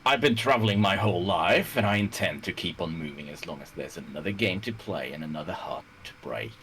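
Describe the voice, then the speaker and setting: Haughty drifter gambler, played by a man, low voice, faint noise. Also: lively intonation, a little fast, a bit bright, rough recording. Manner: haughty put-on posh manner. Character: roaming gambler posing as English, smug man.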